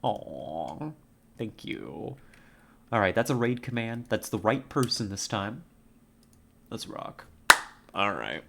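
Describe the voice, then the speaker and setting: A man's voice: fairly low pitch, very animated, takes it slowly, vocal fry, long pauses, fairly bright tone. A man streamer chatting casually with his viewers as he ends his stream, rambling and playful and laughing often. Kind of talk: casual stream sign-off chat.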